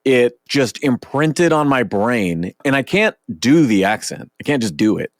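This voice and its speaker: Animated, profane podcast host in his thirties. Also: mid-range voice, a little slow, no echo, clean studio sound. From Oregon, US. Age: 30s. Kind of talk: casual podcast chat.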